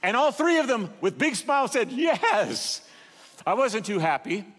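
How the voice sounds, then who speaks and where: An older man preaching a sermon in a church auditorium, telling stories with swings in loudness and pace. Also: very high voice, big pitch swings, unhurried, husky, big-room sound. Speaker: pastor.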